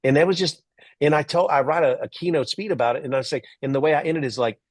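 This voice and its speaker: A middle-aged man from Texas telling stories as a guest in an interview, lively, acting out the voices of people he quotes. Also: fairly high pitch, fast talker, dry recording. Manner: animated storyteller, acts out quoted voices. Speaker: guest, entrepreneur and author. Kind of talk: storytelling interview.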